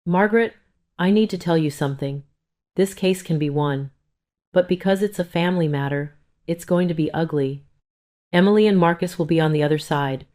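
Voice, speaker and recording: A woman reading the lines of a calm, businesslike male family lawyer. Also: fairly low pitch, natural voice. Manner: measured, reassuring, businesslike.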